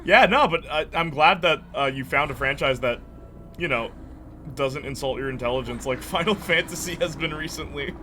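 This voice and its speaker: A man's voice: on the high side, moderate pace, pushed and bright, faint music behind. A young man casually commenting on his gameplay. He laughs often, talks in slang and mocks the lines by putting on voices. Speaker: let's play host.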